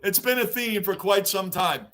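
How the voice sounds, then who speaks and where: A man's voice: high-pitched, normal speed, sharp tone, slight background noise. A middle-aged man hosting a casual livestream from his basement, reading out fan chat and repeating himself for emphasis. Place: home basement.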